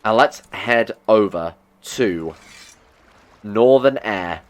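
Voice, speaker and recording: Excitable man doing game commentary. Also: on the low side, very slow. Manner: excitable, talks to in-game characters; self-mocking asides. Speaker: gaming video host. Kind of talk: let's play commentary.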